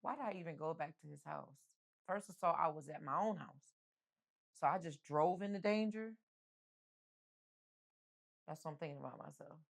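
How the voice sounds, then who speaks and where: Candid woman, lowish voice, telling her story. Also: normal speed, gravelly, pauses often. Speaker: interview guest. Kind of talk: emotional personal storytelling.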